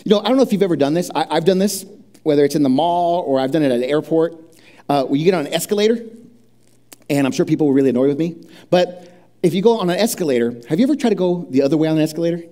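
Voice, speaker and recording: A middle-aged pastor preaches in a chatty, conversational way, asking the congregation questions and dropping low and quiet when he talks about prayer. He speaks rapid-fire with lively intonation.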